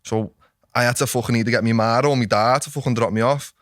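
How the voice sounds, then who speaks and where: Guest, young Liverpool man, rapid-fire delivery, dry close sound, swears freely. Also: mid-range voice, fairly even intonation, no room sound. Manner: rapid, swearing, says "lad" a lot. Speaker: podcast guest. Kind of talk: casual chat.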